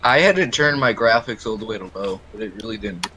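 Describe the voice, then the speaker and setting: A man's voice: on the low side, animated, fast talker, background noise. Playful man teasing over game chat. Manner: playful, teasing, sings along. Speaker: squad teammate. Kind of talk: casual gameplay chat with friends.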